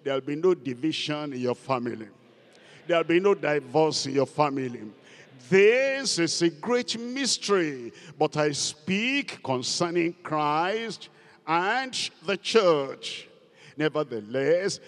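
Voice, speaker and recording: A man's voice: fairly high pitch, expressive, slow. A man preaching a sermon as pastor, emphatic and repeating key words for stress. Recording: long hall reverb.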